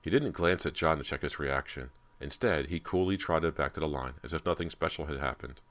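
Man, audiobook narrator, very deep voice, steady storytelling, scripted narration. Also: brisk.

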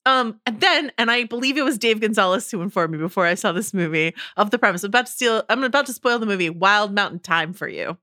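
A woman's voice: medium pitch, fast talker, hardly any pauses, bright, forceful tone, no echo, studio quality. A woman co-hosting a podcast in casual chat, enthusiastic, laughing often and swearing freely. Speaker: podcast co-host.

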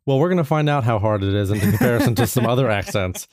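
A man hosting a podcast, explaining a game in relaxed, chatty talk with fillers. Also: mid-range voice, fast talker, dry recording, studio quality. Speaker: podcast host. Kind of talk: casual chat.

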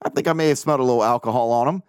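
A man's voice: mid-range voice, rapid-fire, smooth, no echo, clean studio sound. A man hosting a casual solo podcast, rambling and joking, swearing freely as he talks. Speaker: podcast host.

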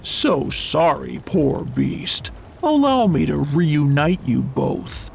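A cruel pirate captain voiced by a man drawls his words slowly with a rough, gravelly edge. His pitch swoops widely as he mocks and sneers, every line dripping with gleeful menace. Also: big pitch swings, a little mellow, slight background noise, full character voice. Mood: mocking. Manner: sneering, mocking. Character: cackling mad male pirate captain, cruel. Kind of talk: audio drama acting.

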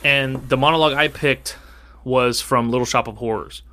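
Bright-voiced man telling a story. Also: mid-range voice, normal speed. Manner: rambling, animated, acts out quoted dialogue. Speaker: podcast co-host. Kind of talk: casual storytelling chat.

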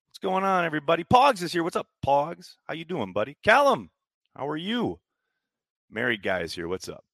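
A man's voice: medium pitch, dry recording, studio quality. Hyped man hosting a live fan stream. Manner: hyped, animated, chatty. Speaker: podcast host reading chat. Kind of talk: live casual stream chat.

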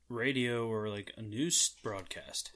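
Bright-voiced, slow-talking podcast guy. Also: fairly low pitch. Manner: loose, jokey, laughs often. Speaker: podcast co-host. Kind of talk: casual podcast banter.

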